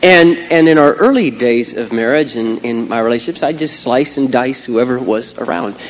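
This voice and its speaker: A middle-aged man preaching a sermon as a pastor, swinging from quiet asides to loud, emphatic outbursts. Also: mid-range voice, normal speed, dull audio. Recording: long hall reverb, faint hum.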